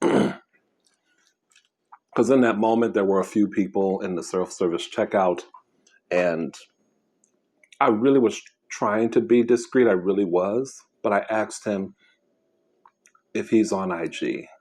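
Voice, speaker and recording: A man vlogging casually while he eats, rambling and pausing mid-sentence as he chews. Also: fairly low pitch, darkish tone. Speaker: mukbang vlogger. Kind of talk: casual chat while eating.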